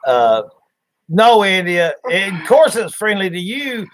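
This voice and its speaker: This livestream host's voice is high and very animated, though he talks a little slowly. He rambles through folksy stories in casual chat, acting out the voices as he goes.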